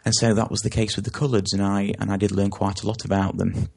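Gravelly, husky-voiced man rambling in interview. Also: fairly low pitch, level tone, quick pace, darkish tone. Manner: rambling, with frequent self-corrections. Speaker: guest. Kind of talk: conversational interview.

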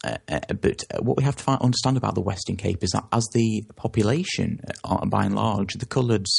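Guy with a low gravelly husky voice, rambly guest, keeps restarting his sentences. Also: quick pace, a little mellow. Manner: rambling, with frequent self-corrections. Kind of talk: conversational interview.

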